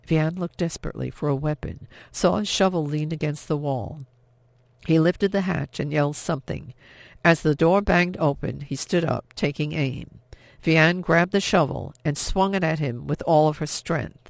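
A man narrates an audiobook in a steady, measured way. His voice sits a little high and has a gravelly fry. The recording is close and dry, with no room around it. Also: no room sound. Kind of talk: scripted narration.

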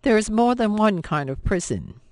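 A woman's voice: mid-range voice, sing-song, normal speed, dry recording, pitched above the performer's own voice, natural voice. A woman voicing a stubborn young woman in an audiobook, firm and pointed. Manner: pointed, firm, a little raised. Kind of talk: audiobook character voice.

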